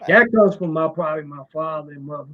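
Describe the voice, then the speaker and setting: A fast-talking music promoter from Washington, D.C., middle-aged and appearing as a guest in a casual interview, speaks in a somewhat high voice for a man. He drawls softly and rambles loosely, peppering his speech with "you know," and the recording is muffled, dull, and low-fidelity.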